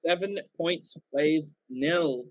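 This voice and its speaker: A man giving live fan commentary for a watchalong stream, excitable, swearing casually and often correcting himself mid-call. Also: on the high side, slow.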